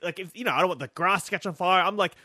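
A man's voice: high voice, very fast, no echo, studio quality. A young man co-hosting, telling a comic story and acting out the voices in it. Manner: animated, acts out voices in his stories. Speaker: co-host.

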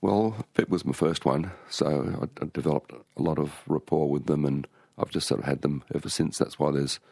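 A man's voice: very deep voice, moderate pace, gravelly, a little mellow, dry recording, studio quality. An older Australian man, an author being interviewed, telling stories in a rambling way with many restarts. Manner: rambling, with frequent restarts and storytelling. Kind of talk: relaxed conversational interview.

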